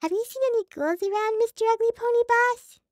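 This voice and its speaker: A woman's voice: very high voice, fast, no room sound, clean studio sound. A woman voicing a cheerful, naive little pony filly in a fan audiobook, with a sweet, innocent, bubbly manner. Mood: eager.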